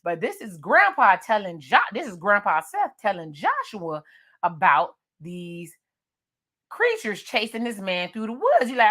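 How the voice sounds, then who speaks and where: A woman's voice: mid-range voice, huge pitch swings, normal speed, fairly bright tone. A woman recapping a horror movie with jokes and slang, laughing often. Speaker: movie reviewer.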